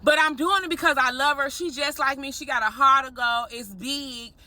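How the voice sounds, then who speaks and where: A married woman telling an animated story straight to her viewers in a vlog, often calling them y'all. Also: sits high, moderate pace, dry recording. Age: adult, married. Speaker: vlogger.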